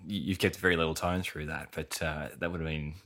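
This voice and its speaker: Male interview host, low pitch, fast pace, casual rambling questions. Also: level tone, fairly bright tone. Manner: quick, loosely phrased questions.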